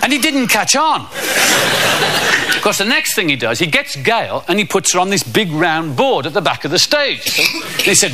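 A man doing stand-up, telling deadpan stories and acting out the people in them. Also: high-pitched, measured pace, over a noisy crowd, very noisy. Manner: deadpan storytelling, acting out characters. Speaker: stand-up comedian. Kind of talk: stand-up comedy routine.

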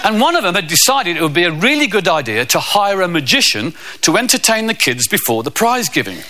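A man doing a stand-up comedy routine, telling deadpan stories and putting on voices. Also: high-pitched, fairly quick. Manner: deadpan anecdotal storytelling with character voices. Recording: loud background noise.

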